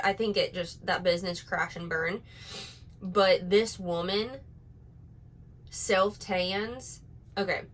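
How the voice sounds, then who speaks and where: A woman's voice: mid-range voice, fairly bright tone, rough recording. A woman giving casual reaction commentary, sarcastic and exasperated, rambling with restarts. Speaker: commentary YouTuber.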